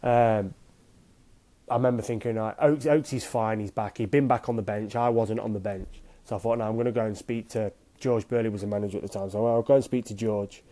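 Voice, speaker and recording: A middle-aged man, a former professional goalkeeper, telling lively anecdotes in a casual interview and acting out the voices of people he quotes. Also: lowish voice, a little fast.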